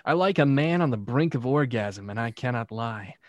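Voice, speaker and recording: A man with a lively, swinging voice reads his game cards in a playful sing-song. His voice sounds dry and close to the mic. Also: mid-range voice, normal speed, no room sound. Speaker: podcast co-host. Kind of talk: casual comedy chat during a card game.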